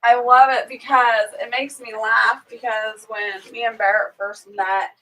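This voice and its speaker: A woman's voice: fairly high pitch, flat delivery, measured pace, bright, forceful tone, distant mic, rough recording. Chatty woman host, set back from mic. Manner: chatty, laughs easily, greets viewers by name. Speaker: livestream host. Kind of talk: casual morning livestream chat. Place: at home on a small farm.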